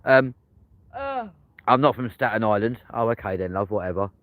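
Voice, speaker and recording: At night on windy city streets, a male livestream host walks and banters cheekily with chat, swearing freely. His lowish voice swoops wildly in pitch at a moderate pace, with no echo, captured as tinny phone audio under loud street noise.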